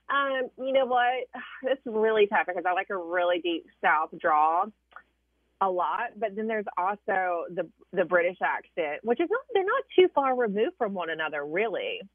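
A woman with a Southern US accent, a political correspondent calling in, explaining things in a measured way with some hesitations. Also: lowish voice, animated, dry recording. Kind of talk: phone-in interview. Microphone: phone. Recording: tinny dry phone line.

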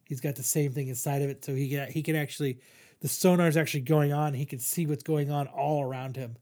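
Young male host, slightly high voice, loose and swearing, lots of restarts. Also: steady tone, quick pace, warm tone. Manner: rambling, profane, lots of fillers and restarts. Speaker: podcast host reviewing comics. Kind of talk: casual chat.

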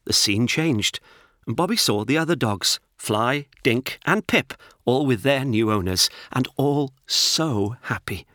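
A man narrates a children's storybook with an expressive, animated read. His voice rises and falls freely and sounds bright and forward, recorded close and dry. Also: medium pitch, measured pace, no echo. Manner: expressive, lively reading.

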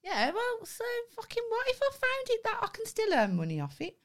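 A woman co-hosts a casual podcast chat. Her pitch swoops widely as she jokes in excitable, sweary banter. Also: a little fast, a crowd in the background. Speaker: podcast co-host.

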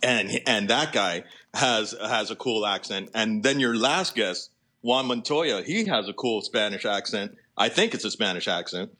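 Casting: male co-host, slight Philly accent, bright, forward voice, talkative and playful, quick to jump in. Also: lowish voice, animated. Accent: slight Philadelphia. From Philadelphia. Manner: chatty, joking, quick to jump in. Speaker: podcast co-host. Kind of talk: casual podcast chat.

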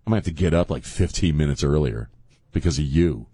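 A man with a very low, husky voice ribs his co-host in loose, sarcastic radio banter. The sound is dry and close on a studio mic. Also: animated, quick pace, dark tone, dry recording. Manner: teasing, sarcastic, laughs a lot. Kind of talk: casual on-air banter. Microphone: studio microphone.

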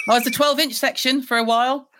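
Animated Scouse woman telling stories. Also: sits high, slight background noise. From Liverpool. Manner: lively, animated storyteller. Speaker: guest. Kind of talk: storytelling in a podcast interview.

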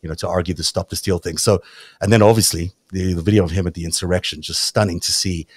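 A man with a South African accent hosts a talk show. His voice sits fairly low and the sound is close and dry, with no room around it. He talks easily, in a loose, chatty way. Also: fast, husky, no room sound. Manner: relaxed and chatty, leans on "you know" fillers. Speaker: host. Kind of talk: casual talk-show chat.

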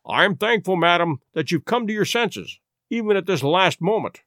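A man reading an audiobook, playing a cool, commanding detective who speaks in a measured, authoritative way. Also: high-pitched, expressive, fairly bright tone, no room sound, clean studio sound. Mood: firm.

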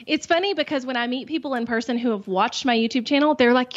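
A woman's voice: quick pace, dry recording, lo-fi sound. A woman guest on an interview, talking casually and in a bubbly, over-the-top way about making videos. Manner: bubbly, over-the-top, acts out quotes in high voices. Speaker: guest, YouTube coach.

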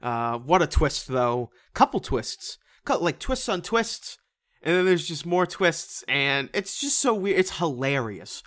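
Podcaster, casual movie chat, bright edgy tone, animated, swears a lot. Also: medium pitch, unhurried. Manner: animated, swearing, laughing often, many fillers. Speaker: podcast co-host.

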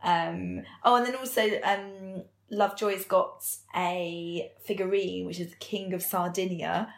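A woman's voice: on the low side, fairly even intonation, a little slow, vocal fry. A woman co-hosting a podcast, retelling a TV episode in a chatty, filler-heavy way. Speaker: podcast co-host. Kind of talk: casual chat recapping a TV episode. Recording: echoey room.

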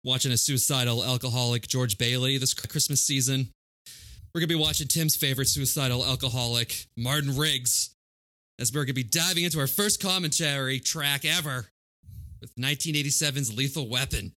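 A man's voice: mid-range voice, fairly quick, pushed and bright, no room sound, studio quality. A man co-hosting a casual movie podcast, joking and teasing his co-host.

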